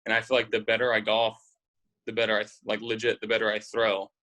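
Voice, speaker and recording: A young man in his twenties, a football player chatting casually as an interview guest, relaxed and rambling with fillers. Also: lowish voice, fast talker, poor audio.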